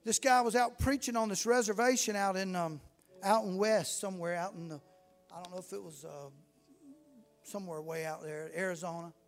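A man preaching a sermon, telling stories and rising to fervent shouts. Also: sits high, steady tone, moderate pace, faint music behind. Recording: long reverb in a hall.

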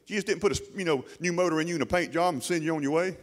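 A man preaching a sermon to a congregation in a folksy, animated way, often mimicking voices. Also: fairly high pitch, fast talker, long pauses, in a large hall. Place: church hall before a congregation.

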